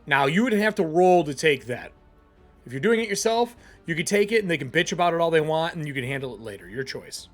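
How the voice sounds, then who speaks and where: A man's voice: a little high, very animated, fast talker, soft background music. A man running a tabletop game as game master, narrating casually, swearing freely and laughing as he talks.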